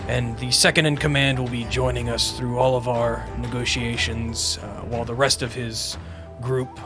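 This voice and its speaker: A man voicing a gruff, white-haired older male clan leader who speaks formally and with measure. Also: mid-range voice, flat delivery, music in the background, lightly acted. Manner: formal, measured welcoming speech.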